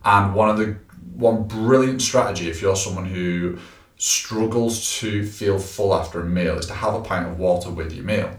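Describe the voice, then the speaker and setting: A man's voice: low voice, normal speed. A man, a personal trainer co-hosting a podcast, chatting casually and explaining tips, with lots of fillers. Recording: echoey room, a bit far from the mic.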